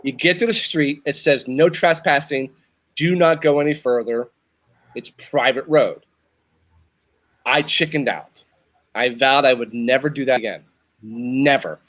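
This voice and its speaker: This man, a show host in his fifties from Northern Virginia, speaks at medium pitch with a slightly bright tone, a bit slowly and with frequent pauses. Chatting casually, he spins out a long personal story, wandering, repeating points, and starting sentences over.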